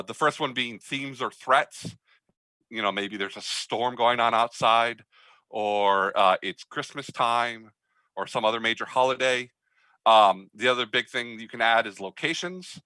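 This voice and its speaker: A man running an online tabletop game as game master, talking in a halting, friendly way full of fillers. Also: mid-range voice, bright, forceful tone, no room sound, poor audio.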